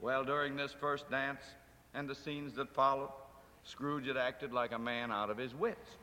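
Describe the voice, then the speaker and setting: A man reading a classic story aloud with dramatic expression, shifting from hushed to lively. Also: medium pitch, a little slow, a little hiss or hum. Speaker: narrator. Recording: long hall reverb.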